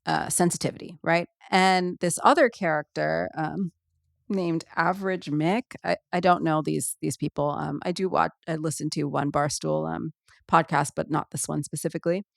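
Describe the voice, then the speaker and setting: A woman's voice: low-pitched, fairly even intonation, moderate pace, gravelly, no echo, studio quality. A woman hosting a solo podcast, chatting casually and rambling with many ums and asides. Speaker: podcast host.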